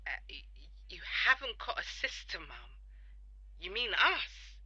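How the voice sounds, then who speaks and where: A young woman, anxious and gentle, stammering softly in a radio play. Her husky, bright voice moves lively in pitch, and the sound is close and dry. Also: measured pace, no room sound, lo-fi sound, full character voice. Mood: hesitant. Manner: hesitant, gently correcting, soft. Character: grown daughter, anxious and gentle with her mother. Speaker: sister. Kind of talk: radio drama acting.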